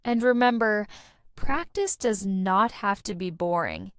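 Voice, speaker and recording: A woman giving a scripted English lesson, speaking in a slow, deliberate teaching manner. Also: medium pitch, smooth, no room sound, studio quality. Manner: slow, deliberate teaching delivery with lively intonation.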